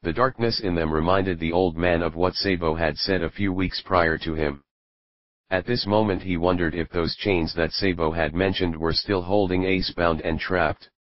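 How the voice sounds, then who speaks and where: A man reading fan fiction aloud as narrator, in an even, measured way. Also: sits low, dry recording, dull audio.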